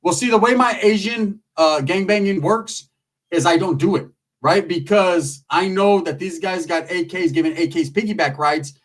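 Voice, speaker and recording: A man's voice: high voice, moderate pace, recorded from a distance. A man telling a long comic story in casual, streetwise, profane talk.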